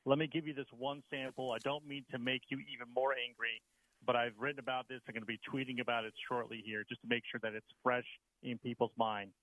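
A man's voice: medium pitch, steady tone, quick pace, fairly bright tone, dry recording, rough recording. A man appearing as a guest author on a talk radio show, earnestly laying out data. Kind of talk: phone-in interview.

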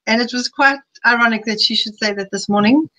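A middle-aged woman giving a live webinar talk, chatty and personal, sometimes piling up quick lists. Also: on the high side, sharp tone, rough recording. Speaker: webinar presenter. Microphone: streaming live.

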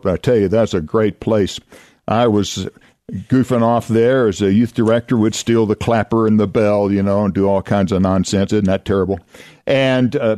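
An older man spins folksy tales as a radio host, chuckling now and then and slipping into the voices of the people in his stories. His voice sits fairly low, and the recording is close and dry with no room sound. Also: warm tone, no echo. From Oklahoma. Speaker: radio host and former youth minister. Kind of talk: folksy anecdotal storytelling.

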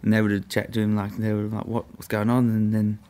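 A man's voice: fairly low pitch, monotone, quick pace, mellow. A young man, a guest, telling a story in a profane, rambling way full of fillers. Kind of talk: casual storytelling.

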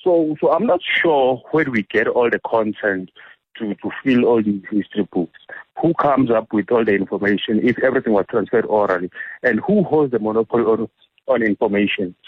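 A man's voice: on the low side, fairly quick, husky, no echo. South African man calling in by phone. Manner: questioning, repeats words. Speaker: caller. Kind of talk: phone-in call. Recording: phone line.

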